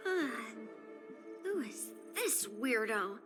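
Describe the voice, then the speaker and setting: A spirited young swordswoman, lively and cheeky. Her voice sits high. She is a video game character with clear music underneath. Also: drawn-out words, exaggerated voice. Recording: game audio over music.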